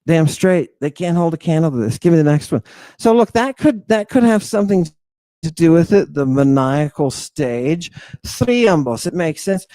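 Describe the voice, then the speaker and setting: A man giving a lecture over slides, emphatic and dramatic, constantly asking "right?" and swinging between hushed asides and loud outbursts. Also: on the high side, lively intonation, moderate pace, dry recording. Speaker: lecturer on ancient Greek language and ritual.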